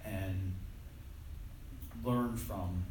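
A man's voice: low voice, steady tone, very slow. A man delivers a conversational sermon, self-deprecating and loose, often restarting his phrases. His voice sits in a middle register. The sound is distant and washed in heavy hall echo, with a faint hiss underneath. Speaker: preacher. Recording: echoey hall from far off, faint noise.

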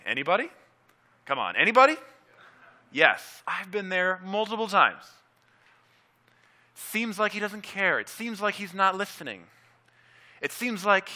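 A man's voice: a little high, sharp tone. A man preaching a teaching sermon, earnest and emphatic, repeating key phrases and asking his listeners questions. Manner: earnest, asks the audience questions. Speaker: pastor.

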